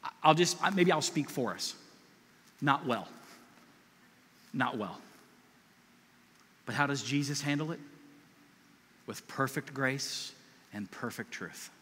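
A man preaching a sermon as pastor, animated and conversational, with asides to the congregation. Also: medium pitch, normal speed, in a large hall, slight background noise.

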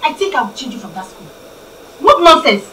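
A woman's voice: high voice, big pitch swings, brisk, fairly bright tone, slight background noise. An actress playing a protective, indignant mother, speaking Nigerian English. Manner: indignant, scolding. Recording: echoey room, mic far off.

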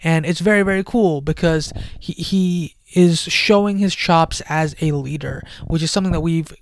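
Man, film review vlog, fairly high voice, excitable, drops to hushed tones, dry close headset sound. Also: moderate pace, creaky, dry recording. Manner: animated, swings between loud excitement and hushed near-whispers.

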